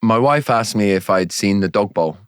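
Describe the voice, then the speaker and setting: A man's voice: lowish voice, lively intonation, normal speed, smooth, dry recording, studio quality. A man co-hosting a casual podcast chat, telling dad jokes and laughing often. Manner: jokey, laughs often, playful storytelling. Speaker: podcast co-host.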